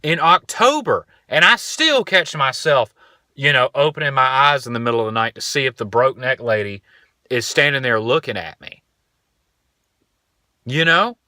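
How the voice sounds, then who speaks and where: A man's voice: mid-range voice, animated, moderate pace, sharp tone, no room sound, clean studio sound. A young man hosting a podcast, telling stories in a laid-back, rambling way and swearing casually. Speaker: podcast host. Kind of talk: casual storytelling monologue.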